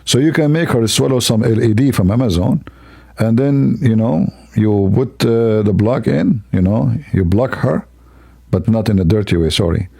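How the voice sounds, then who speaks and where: A man's voice: lowish voice, normal speed, vocal fry, mellow, husky. A man hosting a livestream, talking in a sarcastic, rambling, mock-admiring way. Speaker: livestream host. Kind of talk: mocking livestream commentary.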